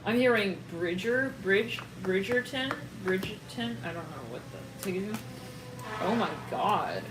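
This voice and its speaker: A woman giving a casual, excitable tarot reading to her viewers, rambling and trailing off and laughing often. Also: mid-range voice, takes it slowly, roomy sound, music in the background, rough recording. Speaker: tarot reader.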